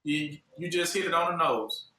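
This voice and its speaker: A man preaching a sermon, posing questions and pausing for listeners to fill in the answer. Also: fairly high pitch, pushed and bright. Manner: call-and-response questions, fill-in-the-blank pauses. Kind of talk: sermon teaching. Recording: echoey room from far off.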